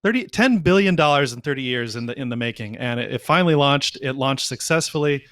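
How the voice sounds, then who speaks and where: A man's voice: medium pitch, animated, a little fast, a bit bright, dry recording, clean studio sound. A man co-hosting a podcast, explaining things in detail with enthusiasm in a casual chat. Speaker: podcast co-host.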